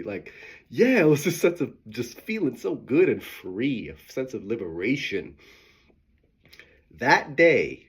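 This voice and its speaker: A man's voice: medium pitch, sing-song, normal speed, breathy edge. A man hosting a motivational talk, speaking candidly and emphatically, swearing freely and often laughing. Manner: acts out quoted voices of himself and his mom. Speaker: host. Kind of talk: motivational monologue.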